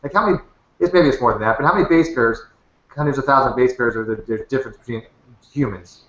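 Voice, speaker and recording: A man hosts a casual online discussion, talking quickly and restarting his sentences as he works through his questions. His voice is bright and forward. The audio is dull and picks up a roomy echo. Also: mid-range voice. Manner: thinks aloud with many restarts. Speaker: host and moderator. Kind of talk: casual debate chat. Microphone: webcam headset or desk mic.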